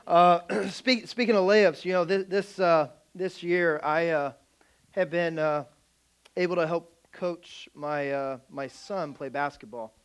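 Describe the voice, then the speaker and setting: Male pastor, 30s, high voice, energetic comic sermon storyteller who stumbles over restarts. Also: takes it slowly, smooth. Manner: animated, energetic, stammering restarts.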